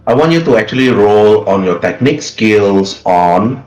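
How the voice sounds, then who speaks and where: A man's voice: fairly low pitch, expressive, moderate pace, a little mellow, lo-fi sound, soft background music. A man running a tabletop role-playing game as game master, describing scenes casually and restarting his sentences often.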